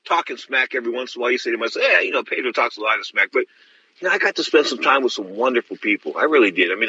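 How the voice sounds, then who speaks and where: A man's voice: medium pitch, bright, forceful tone, dull audio, slight background noise. A middle-aged man hosting a boxing radio show, telling a story with emphasis and calling his listeners folks. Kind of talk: animated radio talk.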